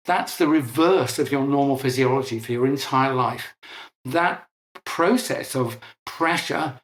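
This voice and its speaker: A man's voice: medium pitch, unhurried, a bit bright. An older British man explaining technical matters earnestly in an interview, often restarting words. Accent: British English. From Britain. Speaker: interviewed scientist. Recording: echoey room.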